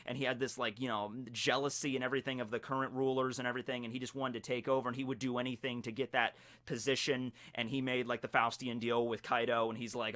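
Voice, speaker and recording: A man hosting an anime theory video, retelling a myth in a chatty, animated storytelling style. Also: mid-range voice. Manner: chatty and animated, slips into quick character voices. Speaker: YouTube anime theory host. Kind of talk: casual storytelling commentary.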